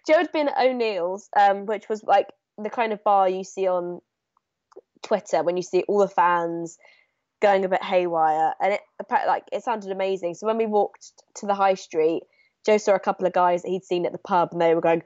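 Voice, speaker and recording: A woman's voice: medium pitch, moderate pace, no room sound. Enthusiastic woman, dull dry line. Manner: enthusiastic, animated storytelling. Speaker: podcast co-host. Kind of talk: casual chat.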